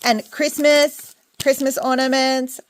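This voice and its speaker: A young Australian woman gushes through an unboxing vlog in a bright, slightly high voice. Her talk is chatty and excitable. Faint noise sits under her voice. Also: slow pace. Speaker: small business owner. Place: home indoors, rain and roosters outside.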